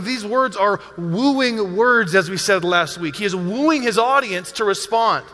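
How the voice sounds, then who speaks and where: A male pastor delivers a sermon in an earnest, pastoral way, often doubling a word as he begins a thought. His voice sits high and sounds bright and forceful, ringing with the long reverb of a church sanctuary. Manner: earnest, pastoral, repeats words when starting phrases.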